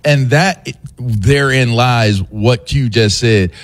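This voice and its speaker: A man's voice: medium pitch, slow pace. Brief: man co-host, playful ribbing, stop-start delivery, loose banter. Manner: laughing, teasing, repeats himself. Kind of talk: casual chat.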